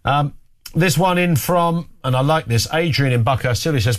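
A man's voice: a little high, normal speed. A man hosting a phone-in radio talk show, chatting and telling jokey stories. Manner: chatty, jokey, lively storytelling.

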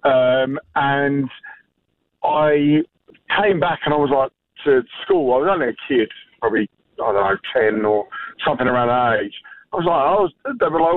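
A man's voice: medium pitch, moderate pace, dry recording. A man in his thirties from Ireland with an Irish accent, calling a radio phone-in and telling a rambling story full of fillers. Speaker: caller. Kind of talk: phone-in anecdote. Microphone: phone line. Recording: tinny phone line.

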